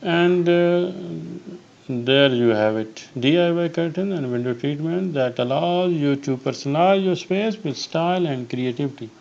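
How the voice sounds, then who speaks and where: A man narrating a home decor tutorial as host, reading haltingly with frequent "uh" pauses. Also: a little high, vocal fry, darkish tone, lo-fi sound. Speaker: DIY channel host.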